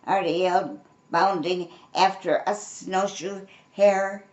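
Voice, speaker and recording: An older woman reading a storybook aloud, gentle and unhurried, with friendly asides to young listeners. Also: mid-range voice. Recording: roomy echo.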